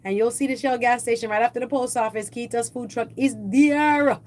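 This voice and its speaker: Woman host, slightly high voice, chatty and emphatic, live studio news talk. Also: fairly even intonation, brisk, a little mellow. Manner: conversational, emphatic, repeats points for listeners.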